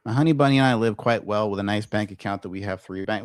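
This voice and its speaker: A man's voice: fairly low pitch, fast talker, dry recording, studio quality. A man hosting a livestream commentary show, ranting profanely and combatively at viewers in his chat.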